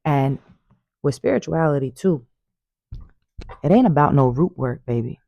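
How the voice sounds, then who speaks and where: Mellow-voiced woman telling spiritual stories. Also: deep voice, measured pace, vocal fry, no room sound, dull audio. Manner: animated, emphatic, repeats phrases, calls listeners baby. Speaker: spiritual vlogger. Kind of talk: casual storytelling monologue. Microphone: phone.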